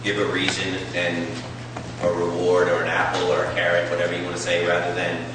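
A man offers a thoughtful, measured comment during a class discussion. His voice is very deep and even. He sounds far from the mic, in a very echoey room with clear background noise. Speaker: class participant, father.

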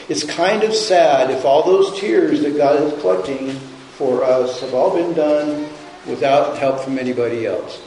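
A man preaching a sermon in a conversational, halting way, often restarting and repeating his words. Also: medium pitch, darkish tone, reverberant, a little hiss or hum, poor audio. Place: church sanctuary.

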